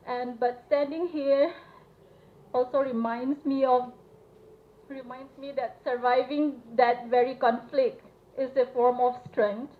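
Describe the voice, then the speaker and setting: A woman's voice: high voice, fairly even intonation, takes it slowly. A young woman from Manipur giving an earnest, hesitant public speech as a student representative, with many fillers. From Manipur, India. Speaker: student representative speaking at a solidarity event. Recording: tinny phone-like live stream with faint noise.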